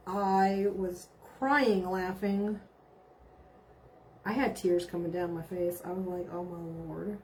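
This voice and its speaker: A woman's voice: mid-range voice, steady tone, takes it slowly, pauses often, a little mellow, a little hiss or hum. A middle-aged woman, chatting casually on a live stream and reading out viewer comments, bubbly and giggly. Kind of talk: casual chat.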